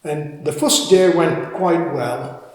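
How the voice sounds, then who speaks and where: An older man with a Cumbrian accent telling a story in an interview, halting and repeating words as he goes. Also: fairly high pitch. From Cumbria, England. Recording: echoey room with long reverb.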